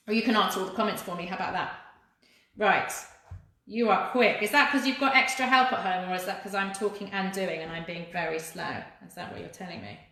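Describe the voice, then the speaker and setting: A woman's voice: medium pitch, brisk, sharp tone, heavy reverb. A woman leading a live cooking demonstration for children, chatty and encouraging as she talks to viewers while she works. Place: kitchen.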